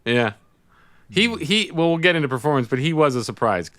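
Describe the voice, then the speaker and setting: Podcast host, male, smooth and crisp, dry close sound, calls on guests by name. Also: fairly high pitch, animated, brisk, fairly bright tone, no room sound. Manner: steers the talk, calls on each guest by name. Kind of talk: casual film discussion.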